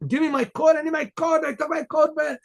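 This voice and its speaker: A man's voice: sits high, moderate pace, vocal fry, mellow, breathy edge, voice pushed up, heavily acted. A man voicing a desperate man who begs and repeats himself, frantic to get his coat back. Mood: frantic pleading. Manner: frantic, repetitive begging.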